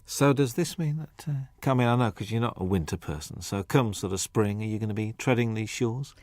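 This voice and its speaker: A man's voice: fairly low pitch, brisk, a little mellow, no echo, studio quality. A man hosting a radio interview, asking friendly, inquisitive questions. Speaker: radio host.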